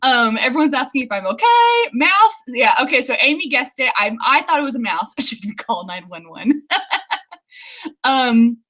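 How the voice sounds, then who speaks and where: A woman's voice: a little high, normal speed. A young woman chatting casually on a livestream from her apartment, giggling often and reading viewer comments aloud. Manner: giggly, excitable, laughs often. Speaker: author livestreaming writing sprints.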